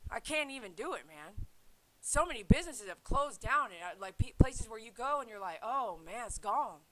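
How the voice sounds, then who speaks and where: Animated woman vlogging with slangy banter. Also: on the high side, normal speed, low-quality recording. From United States. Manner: animated, laughing, slangy with "man" fillers. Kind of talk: casual vlog chat. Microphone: headset.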